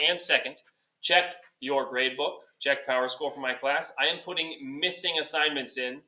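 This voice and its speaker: A male teacher giving brisk step-by-step classroom instructions, lightly joking. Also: mid-range voice, pushed and bright, low-quality recording. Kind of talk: classroom instructions recorded for a substitute.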